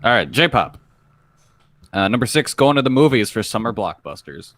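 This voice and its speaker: Low-voiced man reading a list casually. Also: sing-song, moderate pace, a bit bright. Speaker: podcast co-host reading a list. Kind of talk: casual chat.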